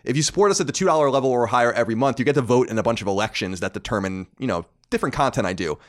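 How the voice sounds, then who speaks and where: A man from New York with a mostly faded New York accent, hosting a casual podcast in a fast, sardonic, animated way. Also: mid-range voice. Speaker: podcast host.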